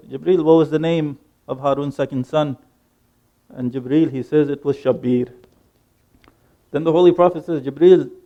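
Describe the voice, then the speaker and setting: Male preacher, somewhat high voice, mellow tone, solemn storytelling sermon, repeats lines. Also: dull audio. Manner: storytelling with quoted dialogue, slow solemn emphasis; repeats key phrases for emphasis. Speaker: speaker at a Muharram majlis. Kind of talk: religious sermon narration.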